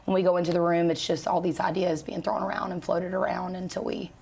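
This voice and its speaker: A woman singer being interviewed, talking in a relaxed, chatty way with easy laughs and plenty of fillers. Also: lowish voice, fast talker, creaky, slightly rough. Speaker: country singer and guest. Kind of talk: casual interview chat.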